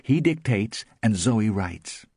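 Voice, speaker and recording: A man's voice: on the low side, lively intonation, takes it slowly, a little mellow, breathy edge, dry recording, clean studio sound, voice pushed up, full character voice. A male narrator voicing Portia, a chatty, earnest woman from the theater world. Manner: earnest, gossipy.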